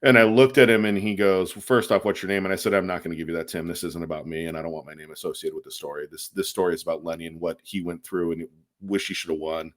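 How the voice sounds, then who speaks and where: A man co-hosting a podcast, telling a long story in a casual, animated way, acting out quotes and using many fillers. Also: sits low, fast talker. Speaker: podcast co-host.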